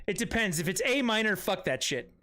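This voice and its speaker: Bright, high-voiced man hosting a stream. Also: sing-song, brisk. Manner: rambling, profane, self-mocking asides. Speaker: stream host. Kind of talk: casual live-stream chat.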